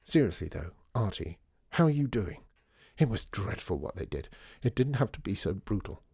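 A man voicing a tall, formal young man with a crisp, clipped manner. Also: lowish voice, very animated, darkish tone, dry recording, clean studio sound, full character voice. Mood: concerned. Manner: clipped, brisk.

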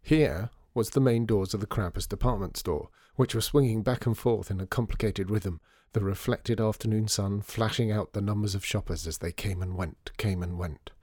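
Low, dry-voiced male storyteller. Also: moderate pace, a little mellow, slightly rough, no echo. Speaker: narrator. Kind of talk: storybook narration.

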